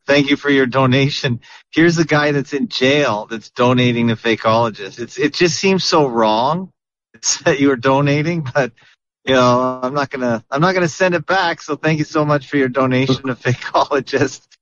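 A man's voice: medium pitch, moderate pace, a bit bright, no echo. Chatty male podcast host, muffled audio. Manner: chatty, with many fillers and restarts. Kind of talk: casual chat.

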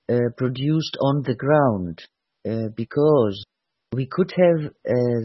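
A man's voice: fairly high pitch, breathy edge, no room sound. A man talking in a hesitant, careful way with many fillers, on a dull, dry, lo-fi recording. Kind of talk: casual chat.

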